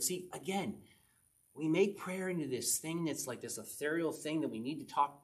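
A middle-aged man, a pastor, preaching a conversational sermon and often checking in with his listeners with a quick "okay?". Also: fairly high pitch. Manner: conversational, chatty preaching with frequent "okay?" asides.

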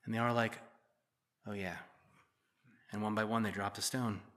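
A man's voice: on the low side, little pitch movement, fast talker, fairly bright tone. A middle-aged man preaching a sermon, reading scripture verses and explaining them with casual, joking asides. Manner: conversational, joking asides between read verses. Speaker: pastor.

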